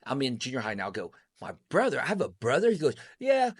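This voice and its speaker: A man as an interview guest, telling stories in an animated way and acting out the voices of the people he quotes. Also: mid-range voice, fast talker, husky, no echo, clean studio sound. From United States. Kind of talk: storytelling interview.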